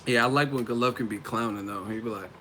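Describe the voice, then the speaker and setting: Talking quickly in a pushed, bright mid-range voice with fairly even intonation, a man discusses boxing on a casual live stream. He keeps laughing, swearing, and imitating the fighters mockingly, over slight background noise.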